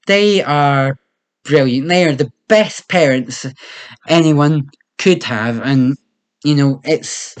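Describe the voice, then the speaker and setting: Slow wry British comedian. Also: male voice, fairly high pitch. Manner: wry, self-deprecating. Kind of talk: stand-up comedy monologue.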